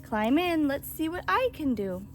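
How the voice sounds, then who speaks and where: A woman's voice: high voice, sing-song, measured pace, faint music behind. A woman reading aloud and voicing a cheerful, brave little male truck in sing-song rhyme.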